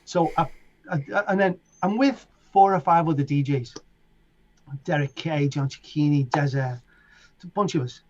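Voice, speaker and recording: A middle-aged man from England with a Liverpool accent, a DJ telling animated stories as an interview guest and acting out voices and sounds. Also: a little high, moderate pace, dull audio. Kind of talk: casual storytelling.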